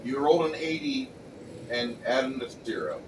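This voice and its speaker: A man narrating and running a tabletop game as game master, joking and animated. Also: medium pitch, moderate pace, noisy background. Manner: animated, jokey, breaks into loud shouts and put-on voices.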